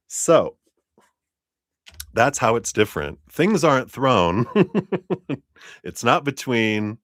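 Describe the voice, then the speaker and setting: A man's voice: low voice, expressive, slow pace, pauses often, fairly bright tone, no echo, studio quality. A man giving a live-streamed tarot reading, telling it as a rambling story full of fillers and laughter. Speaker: tarot reader.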